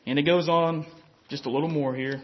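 A man's voice: a little high, steady tone, brisk, slight background noise. A man preaching a sermon in a homey, conversational way, often chuckling and saying "you know" to the congregation. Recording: dull lo-fi recording.

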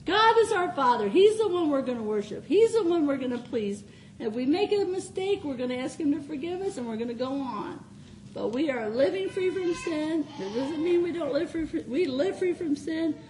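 A woman's voice: high-pitched, expressive, normal speed, darkish tone, a little hiss or hum, low-quality recording. An older woman giving an informal, folksy sermon in a small chapel, often laughing as she speaks. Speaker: preacher.

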